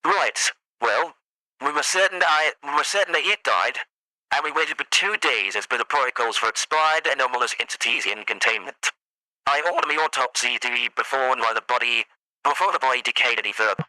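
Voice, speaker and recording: A man voices a male doctor being questioned after a deadly incident, giving terse, defensive answers through a radio demon voice filter. His voice is mid-range, fairly quick, bright, and forceful. The recording is dry and rough.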